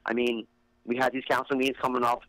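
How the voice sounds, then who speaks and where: A man with a Philadelphia accent hosts a casual podcast chat, rambling and restarting his sentences. His voice sits at an ordinary pitch, and the sound is dry and close, with no room echo. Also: little pitch movement, fast, bright, forceful tone. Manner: rambling, many fillers and restarts. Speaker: podcast host.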